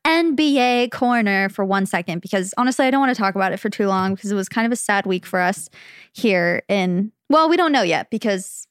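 A woman's voice: medium pitch, lively intonation, brisk, smooth, no echo, clean studio sound. Chatty young woman podcast co-host. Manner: chatty, rambling, self-questioning. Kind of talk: casual chat.

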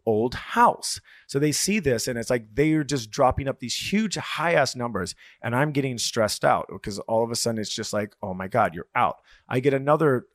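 Male podcast co-host, mid pitch, loose swearing storyteller, dry close mic. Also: dry recording. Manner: rambling, swears freely, retells stories with quoted voices. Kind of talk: casual chat.

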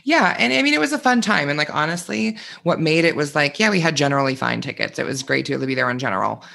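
A man co-hosting a podcast in casual chat, telling stories with animated energy, acting out quoted voices and swearing freely. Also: a little high, quick pace, vocal fry. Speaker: podcast co-host.

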